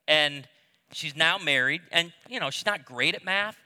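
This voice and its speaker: A man's voice: fairly high pitch, unhurried, sharp tone, big-room sound. A middle-aged man preaching on marriage to a live audience, telling stories with humor and self-deprecating asides. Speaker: pastor speaking on marriage. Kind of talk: sermon-style talk to a live audience.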